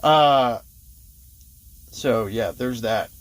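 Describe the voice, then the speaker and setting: A man's voice: medium pitch, extremely slow. A man talking casually to his vlog audience, rambling with lots of fillers and short laughs as he tells a story. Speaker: vlogger.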